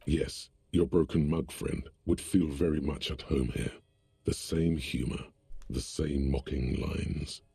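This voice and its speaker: A man voicing the wry, sardonic inner voice of a detective's mind in a video game, with a very deep gravelly voice. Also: steady tone, takes it slowly, mellow, no room sound, full character voice. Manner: dry, sardonic narration.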